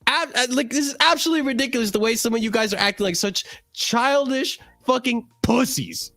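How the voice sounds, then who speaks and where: A man's voice: very high voice, fairly quick, bright, forceful tone, no room sound. A man co-hosting a fan livestream, ranting in a profane, heated way and saying he is cranky from too little sleep. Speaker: livestream co-host.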